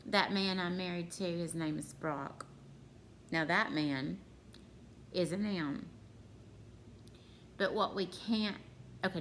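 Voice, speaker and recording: A woman in her thirties leads a home grammar lesson, speaking slowly and in a fairly low voice. She is chatty and talks straight to her students. Faint noise hums behind her. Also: fairly bright tone. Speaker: teacher.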